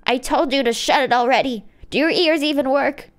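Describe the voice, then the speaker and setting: A woman's voice: high-pitched, a little fast, pitched above the performer's own voice, lightly acted. A woman voicing a curt, bossy male warehouse boss who barks short orders. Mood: gruff.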